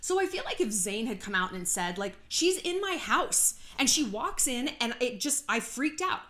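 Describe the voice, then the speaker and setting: A woman from California talks through celebrity gossip in a casual vlog, sarcastic and chatty with frequent laughter. Her pitch sits a little high and swings widely as she goes, and she swears freely. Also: sing-song, moderate pace, bright, forceful tone. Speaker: YouTube host.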